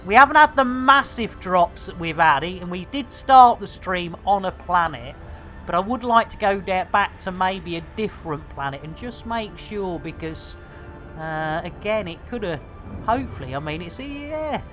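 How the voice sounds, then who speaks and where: A woman's voice: fairly low pitch, expressive, moderate pace, sharp tone, faint music behind. A middle-aged British woman streaming a game, chatting with viewers in jokey, slangy banter. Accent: British English. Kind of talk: casual live commentary while playing.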